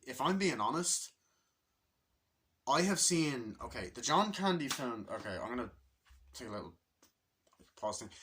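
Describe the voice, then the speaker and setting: A man's voice: medium pitch, bright, forceful tone. A man giving a casual spoken movie review, rambling and enthusiastic, and swearing often.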